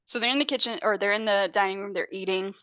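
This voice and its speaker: A woman's voice: medium pitch, fast talker, bright, forceful tone, no echo, highs cut off. A woman podcast host casually recapping a crime movie in a chatty, profane way.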